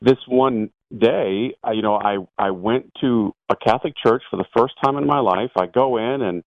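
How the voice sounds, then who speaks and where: A man, a priest guest on a radio show, telling a personal story as an animated storyteller who acts out the people in it. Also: medium pitch, moderate pace, gravelly, no room sound. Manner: animated storyteller, voices the people in his tale. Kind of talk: storytelling testimony. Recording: tinny dry phone line.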